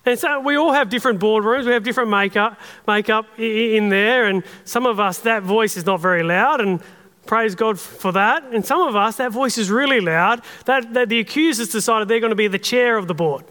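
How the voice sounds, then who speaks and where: Brief: Australian male pastor, earnest and conversational, high voice, long hall reverb. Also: moderate pace, sharp tone. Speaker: preacher. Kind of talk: sermon.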